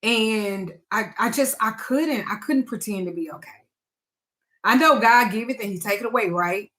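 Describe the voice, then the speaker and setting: Bright-voiced frank woman talking straight. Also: mid-range voice, normal speed. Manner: frank, blunt and emphatic, with swearing and slang. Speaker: spiritual advisor and tarot reader. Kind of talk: candid talk to camera.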